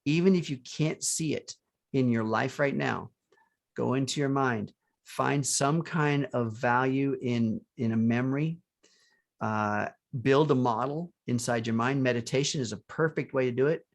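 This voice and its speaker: Man, gravelly voice, earnest motivational coaching talk, middle pitch. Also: unhurried. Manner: earnest, motivational, with restarts and chuckles. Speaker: co-host.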